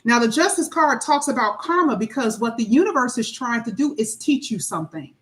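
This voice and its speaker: A high-voiced woman reads tarot for her viewers in an animated, emphatic way. She repeats her points for effect and slips into little acted-out voices of the people she talks about. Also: brisk. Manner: animated, acts out quoted voices, emphatic repetition. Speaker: tarot reader. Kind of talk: tarot reading monologue.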